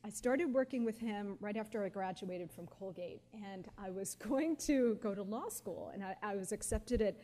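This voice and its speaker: A woman in her forties telling personal stories to an audience, lively and anecdotal, often quoting others with feeling. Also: medium pitch, normal speed, few pauses. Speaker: guest speaker. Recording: long hall reverb, faint background noise.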